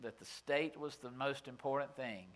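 A middle-aged man preaching a sermon, telling stories in a folksy, conversational way and dropping to a hushed voice for tender moments. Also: mid-range voice, moderate pace. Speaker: pastor.

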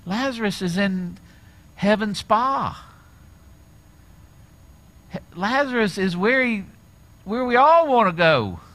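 Male pastor, middle-aged, animated sermon storytelling, crisp forceful tone. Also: sits high, normal speed. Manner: animated storytelling, acts out quoted voices.

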